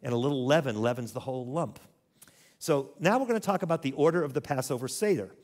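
A man's voice: medium pitch, lively intonation, fast, darkish tone. A man teaching a church audience in a conversational way, asking them to repeat words after him. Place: church hall.

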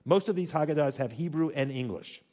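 A man's voice: fairly high pitch, animated, brisk, dark tone. A man teaching a church audience in a conversational way, asking them to repeat words after him. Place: church hall.

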